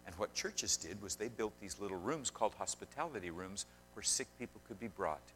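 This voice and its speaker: A man preaching a sermon, swinging between loud emphasis and quiet asides and questioning the congregation directly. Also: on the low side, expressive, brisk, slight background noise. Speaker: pastor.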